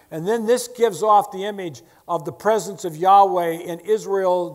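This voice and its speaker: A man giving a Bible lecture in an emphatic, joking, teacherly way, stressing key words. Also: high-pitched. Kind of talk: lecture sermon. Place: large lecture hall. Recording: echoey auditorium reverb.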